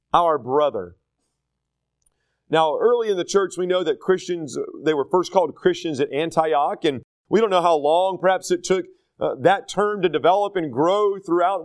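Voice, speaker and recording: Pastor type, male, fairly high voice, earnest conversational Bible teacher who fills pauses as he thinks. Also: darkish tone. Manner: earnest, plain-spoken, with many fillers and restarts.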